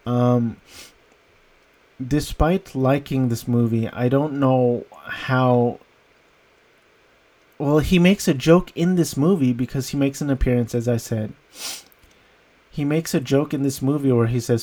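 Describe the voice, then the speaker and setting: A man's voice: mid-range voice, unhurried, long pauses, warm tone. Amused man rambling about a movie. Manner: rambling, amused, breaks into laughter. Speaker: film reviewer. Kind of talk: casual movie review.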